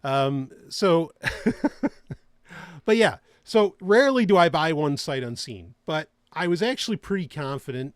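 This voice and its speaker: Rambling, animated male podcast host. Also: mid-range voice, no room sound, clean studio sound. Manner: rambling, laughs often, many restarts. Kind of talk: casual podcast chat.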